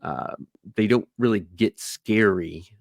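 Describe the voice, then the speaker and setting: Low gravelly man, dry mic. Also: slow pace, dry recording. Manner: relaxed, conversational, acts out quoted lines. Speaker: podcast co-host. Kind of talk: casual podcast chat.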